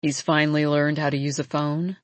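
A woman reading an audiobook and voicing a frail, tired, dying older father with a croaky voice. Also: sits low, level tone, fairly quick, dry recording, pitched below the performer's own voice, close to an everyday voice. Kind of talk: audiobook character voice.

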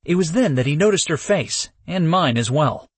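A man narrating a first-person novel as an audiobook, telling the story in an expressive way. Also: fairly high pitch, normal speed, husky, no echo.

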